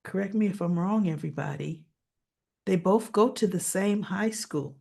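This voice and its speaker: A woman's voice: mid-range voice, mellow. A woman giving a casual, chatty recap of a soap opera episode and talking straight to her viewers. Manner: chatty, conversational, asks the audience along.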